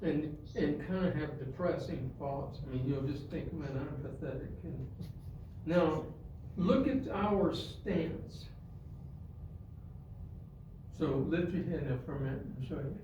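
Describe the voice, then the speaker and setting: A male preacher giving a sermon, dropping to quiet asides and rising to loud, emphatic points as he directs the congregation. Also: a little high, slow pace, lo-fi sound. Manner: acts out stories and gives the congregation physical directions. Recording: echoey hall, mic far off, faint room noise.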